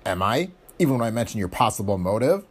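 A tough, wisecracking private eye from a pulp story, as a man narrating puts him on. He throws out sardonic, cocky jabs in a husky voice whose pitch swings in a lively way. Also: quick pace.

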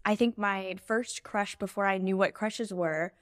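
A woman co-hosting a podcast in casual chat, bubbly and quick to react. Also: medium pitch, fairly even intonation, over music. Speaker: podcast co-host.

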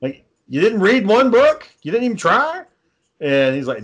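A man with a slightly high voice rants in casual conversation, cursing freely and mocking what he dislikes. His delivery is loose and sarcastic, with plenty of restarts as he works himself up. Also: animated, brisk. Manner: ranting, sarcastic, swears constantly. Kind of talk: casual profane chat.

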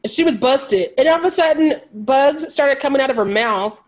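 A woman co-hosting a podcast, recapping a movie in casual chat with sarcastic, animated jokes and frequent laughter. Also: high voice, normal speed. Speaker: podcast co-host.

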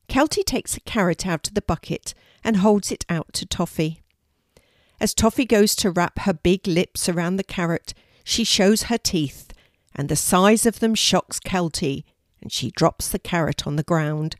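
An older woman, a grandmother, reading a children's story aloud in a calm, clear way. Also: fairly low pitch, a little slow, dry recording, clean studio sound.

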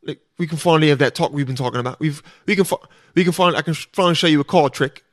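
Cocky British action-movie stud, as a man puts him on, higher voice, breezy flirty quips. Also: very fast, lightly acted.

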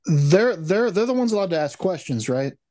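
A man's voice: sits high, sing-song, a little fast, a crowd in the background. A man co-hosting a podcast, joking through a film recap and mock-quoting the characters. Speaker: podcast co-host. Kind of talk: casual chat, recapping a film.

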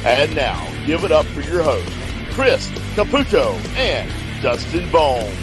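A man's voice: on the high side, sing-song, a little slow, voice pushed up. A man putting on a showy announcer voice to introduce a podcast, drawn out and grand. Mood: hyped. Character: booming male announcer introducing the show. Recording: music behind, voice off-mic.

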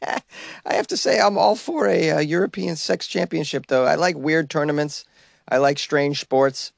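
A man's voice: a little high, moderate pace, gravelly, no echo, clean studio sound. A man hosting a comedic news podcast from a small closet, riffing on stories and laughing at his own jokes. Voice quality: jokey, riffs and laughs at his own lines. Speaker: podcast host.

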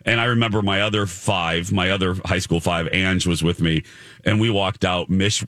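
A man's voice: low voice, steady tone, moderate pace, fairly bright tone, no echo, clean studio sound. A middle-aged man telling a rambling story in a casual chat, often correcting himself.

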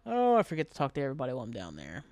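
A man's voice: mid-range voice, wildly swooping pitch, rapid-fire, darkish tone, no room sound. Rambling man, casual podcast chat. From Southern Ohio. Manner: rambling, heavy with "like", swears casually. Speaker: podcast host. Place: at home, at his computer desk.

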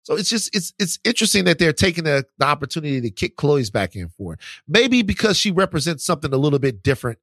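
Podcast cohost, voice jumps all over, teasing and animated, dry mic. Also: medium pitch, fast, few pauses, dry recording. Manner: animated, teasing, swears casually. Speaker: podcast co-host. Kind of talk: casual chat.

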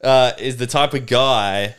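A man, co-hosting a podcast in casual chat, animated and swearing freely. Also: mid-range voice, measured pace, very noisy. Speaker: podcast co-host.

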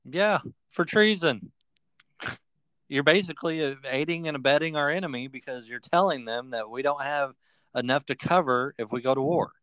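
A man's voice: fairly high pitch, moderate pace, a bit bright, clean tone, no echo. A man hosting a political podcast, chatting bluntly and casually, often agreeing and swearing now and then. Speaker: podcast host.

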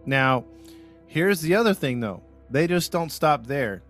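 A man's voice: on the high side, lively intonation, unhurried, a bit bright, faint music behind. Jokey male podcast host. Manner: jokey storyteller, laughs often. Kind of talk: casual chat.

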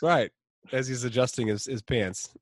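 A man's voice: medium pitch, moderate pace, dry recording. A man co-hosting a podcast in casual chat. He talks enthusiastically, laughs often and acts out quotes. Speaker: podcast co-host.

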